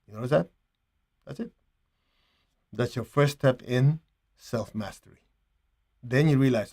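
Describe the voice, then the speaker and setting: A man leading a guided meditation and spiritual teaching, speaking calmly and gently in a relaxed, conversational way. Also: medium pitch. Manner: calm, gentle, unhurried.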